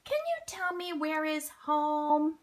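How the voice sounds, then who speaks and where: A woman's voice: high voice, sing-song, slow, a little hiss or hum, pitched above the performer's own voice, full character voice. A woman voicing a lost little girl penguin chick who asks politely and plaintively for help.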